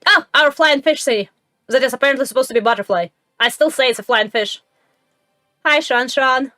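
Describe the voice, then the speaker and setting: High-voiced, emotional woman gamer. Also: a little fast, bright, forceful tone, no room sound, faint music behind. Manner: emotional, exclaiming and laughing. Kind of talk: game commentary.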